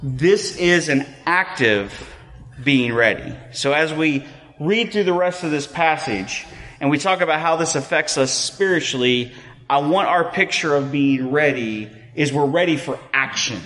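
A man's voice: on the high side, expressive, unhurried, fairly bright tone. Guy preaching in a church hall, chatty and loose, lots of ums, voice rings around the room. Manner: conversational, self-deprecating, many fillers. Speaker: pastor. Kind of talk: sermon. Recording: long reverb of a hall.

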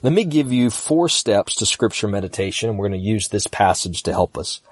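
A man hosting a podcast, calmly walking listeners through a Bible passage in practical, instructional steps with the occasional um. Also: on the low side, fairly quick, dry recording. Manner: calm, practical, instructional, with fillers. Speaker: pastor and podcast host.

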